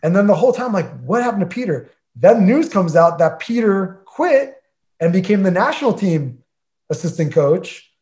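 A man's voice: high-pitched, very animated, normal speed, darkish tone. Chatty man telling a story. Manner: chatty, filler-heavy, acts out quoted conversations. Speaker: interview guest. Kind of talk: casual anecdotal storytelling.

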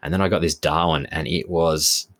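His voice rumbles low and moves at a moderate pace. An Australian man co-hosting a podcast, he's casually spinning a long, rambling tale, animatedly retelling it with lots of quoted, acted-out dialogue.

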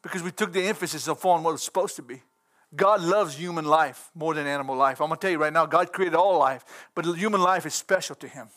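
A middle-aged man preaching a fervent sermon, folksy in grammar and rising at times to shouts. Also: fairly high pitch, fast talker.

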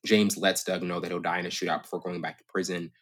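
A man hosting a casual movie review chat, asking questions in a halting way that often stumbles over repeated words. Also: sits low, little pitch movement, fairly bright tone. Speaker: podcast host.

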